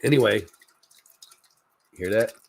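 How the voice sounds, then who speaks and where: Laid-back joking man with a lowish voice. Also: slow pace, gravelly, slightly rough, no room sound. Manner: joking, rambling, laughs often at his own ideas. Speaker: channel host. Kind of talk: casual late-night chat stream.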